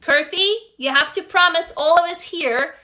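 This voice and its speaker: A woman's voice: very high voice, normal speed, bright, forceful tone. A woman hosting a casual livestream, talking straight to her viewers, coaching them through writing prompts and gushing over each new arrival. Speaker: livestream host.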